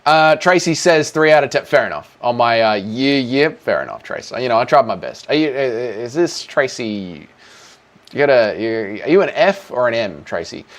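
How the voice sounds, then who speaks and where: Australian male streamer, casual and crude, mid-pitched, reads chat aloud. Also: very animated, normal speed. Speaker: streamer host. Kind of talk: livestream chat Q&A.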